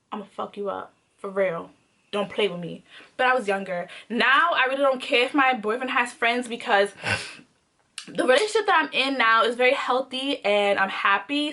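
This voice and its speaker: Animated young woman telling a wild story. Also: a little high. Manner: animated, profane, repeats lines for emphasis. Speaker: storytime YouTuber. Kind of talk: casual storytime vlog.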